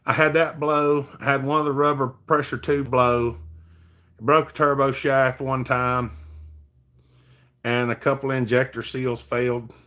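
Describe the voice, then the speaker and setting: Folksy middle-aged man hosting a relaxed livestream chat. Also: medium pitch, unhurried. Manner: folksy, easygoing, talks to viewers by name. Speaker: livestream host. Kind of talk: casual chat reading viewer comments.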